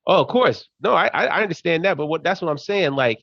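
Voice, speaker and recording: A man with a somewhat high voice muses aloud in animated, casual podcast chat, often breaking into laughter. The recording is dry, with a dull lo-fi tone. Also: vocal fry, no echo. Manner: animated, musing, quick to laugh. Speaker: podcast co-host.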